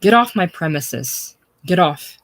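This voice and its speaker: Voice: mid-range voice, lively intonation, fairly quick, no echo, lightly acted. A reader voicing a stout old male factory owner who snaps orders indignantly. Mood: snapping. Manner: snapping, indignant. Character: sharp-voiced stout old male employer.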